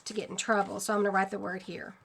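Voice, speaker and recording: A woman hosting her own channel, speaking in a casual, animated and earnest monologue about her dreams. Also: mid-range voice, quick pace, vocal fry, slight background noise. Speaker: channel host sharing dreams.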